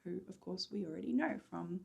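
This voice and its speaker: A woman's voice: on the low side, a little fast, gravelly, a little mellow, slightly rough. A woman, an author enthusiastically recapping and reading from her own book, recorded in a hotel room. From Australia. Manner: enthusiastic, chatty, with laughs. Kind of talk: chatty readalong recap mixed with book reading.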